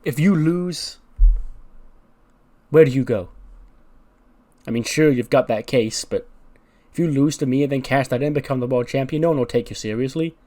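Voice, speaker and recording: A man's voice: mid-range voice, normal speed, long pauses, warm tone, natural voice. A man doing a brash veteran champ's promo. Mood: challenging. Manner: boastful trash talk.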